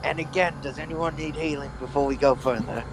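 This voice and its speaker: A man talks casually at a tabletop game, easygoing and playful as he describes his character's moves. His voice sits a little high, with a faint hiss of noise behind it. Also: fairly even intonation, a little fast. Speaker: player.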